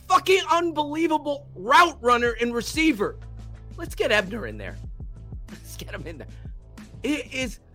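Profane, shouting sports ranter, lively and bright. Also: male voice, very high voice. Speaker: podcast co-host. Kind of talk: post-game sports rant.

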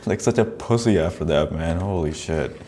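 A man's voice: low voice, normal speed, dark tone. A man hosting a podcast, commenting on videos in a profane, rambling way and laughing often. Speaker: podcast host.

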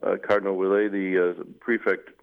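A man, a newly appointed bishop, recounting his past in an interview in a measured, halting way with many fillers. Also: low voice, monotone, clear, resonant tone. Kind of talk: interview conversation, recounting memories. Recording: phone-like narrow band, radio broadcast.

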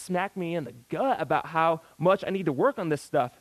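A man's voice: a little high, lively intonation, brisk, no echo, low-quality recording. A man preaching a sermon in a folksy, exclamatory way, breaking into sudden outbursts.

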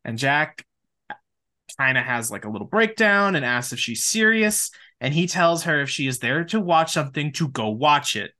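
A podcast co-host with a bright, sharp-edged voice walks through TV scenes step by step. Between recaps, the co-host trades teasing back-and-forth with a sibling. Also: medium pitch, expressive, moderate pace. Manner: narrates scene recaps, then banters. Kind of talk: casual recap chat.

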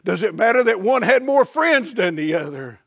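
A man preacher delivering a sermon through dramatic storytelling, drawing phrases out slowly and dropping his voice low. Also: sing-song, vocal fry, fairly bright tone, no room sound, dull audio.

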